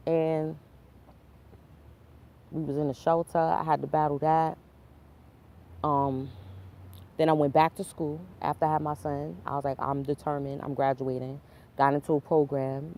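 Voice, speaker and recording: A New woman with a low, gravelly voice tells her life story straight to camera. She talks candidly in street slang and throws in frequent asides to her viewers. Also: darkish tone. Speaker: vlogger.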